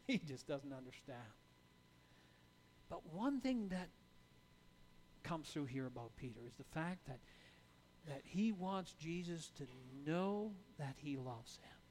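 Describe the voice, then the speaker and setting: A man's voice: fairly high pitch, a little mellow, slight background noise. A man preaching a sermon in a conversational way, with rhetorical "right?" asides and stammered restarts.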